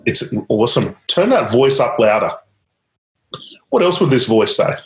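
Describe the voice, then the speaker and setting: A man guides a client through a live coaching exercise, steering each step with repeated prompts and a quick laugh now and then. His voice sits in the middle range. The sound carries a roomy echo. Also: mid-range voice, very animated, slight background noise. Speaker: change-technique coach.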